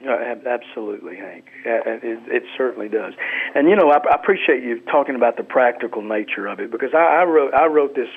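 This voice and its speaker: An earnest pastor and author phones into a radio show to discuss scripture, his mid-range, expressive voice slightly husky through a tinny line. He halts often, breaking off and restarting his sentences in typical Christian radio talk.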